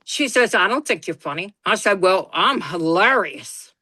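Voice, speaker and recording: A woman's voice: medium pitch, normal speed, no echo, clean studio sound. A woman telling a family story in a casual chat, acting out the voices of the people in it and swearing freely. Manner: animated, acts out quoted voices, swears freely. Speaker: guest storyteller.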